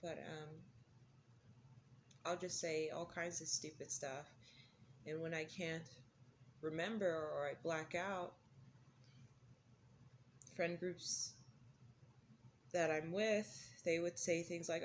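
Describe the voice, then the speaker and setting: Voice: mid-range voice, fairly even intonation, slow, long pauses, slight background noise. A vlogger in a casual, rambling chat, laughing often and making fun of themself. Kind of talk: casual chat while smoking.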